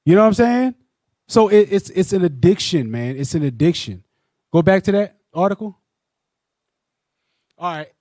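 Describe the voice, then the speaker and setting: A high-voiced man leads a religious teaching discussion with animated fervor. He repeats points and keeps checking in with his listener. The sound is close and dry. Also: normal speed, pauses often, no room sound. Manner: animated, repetitive, often asks "you know what I'm saying". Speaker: Bible class teacher.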